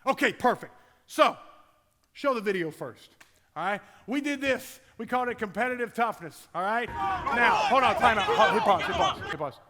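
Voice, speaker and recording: A middle-aged man, a football strength coach, giving an energetic conference talk, acting out his players' voices and bursting into shouts. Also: very high-pitched, moderate pace. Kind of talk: conference presentation. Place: large conference hall. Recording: long hall reverb.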